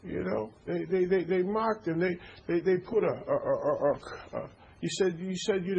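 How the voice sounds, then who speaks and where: Stammering preacher. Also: male voice, sits high, normal speed, vocal fry, hardly any pauses, muffled recording, a little hiss or hum. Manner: stammering repetitions, call-and-response asides. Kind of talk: informal sermon.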